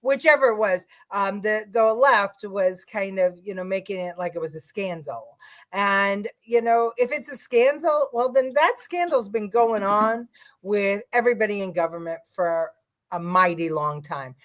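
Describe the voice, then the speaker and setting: Her voice is mid-range and fairly bright, her pace measured, as this middle-aged woman co-hosts an informal political chat. She comes across as opinionated and meandering, using many fillers.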